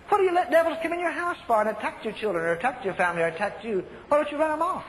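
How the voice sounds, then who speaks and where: A man's voice: very high voice, sing-song, very fast, hardly any pauses, fairly bright tone. An older man preaching a sermon in a folksy, emphatic way, laughing as he tells his stories, in an echoey hall recording with faint noise.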